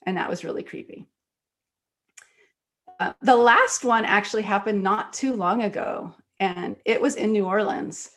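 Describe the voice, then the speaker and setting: A woman guest, an author and screenwriter, talking in an interview and telling stories quickly and animatedly, with many fillers. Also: medium pitch, fairly bright tone, faint music behind. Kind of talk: conversational interview storytelling.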